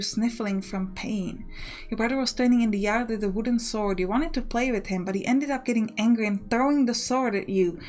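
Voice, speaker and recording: A woman hosting a let's play, reading the game text aloud and joking about her choices. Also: on the high side. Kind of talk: casual gameplay commentary.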